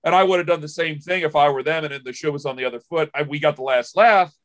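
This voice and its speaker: A man who hosts a sports radio show, telling stories in a casual podcast chat. His voice sits a little high, and he rambles emotionally, repeating and restarting words as he goes. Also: fast talker.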